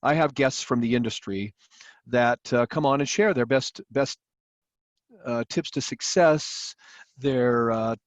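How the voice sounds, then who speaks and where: A man's voice: medium pitch, no room sound. A middle-aged man introducing a guest on a video call, rambling with fillers and restarts. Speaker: host of a business call. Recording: dry, dull lo-fi call audio.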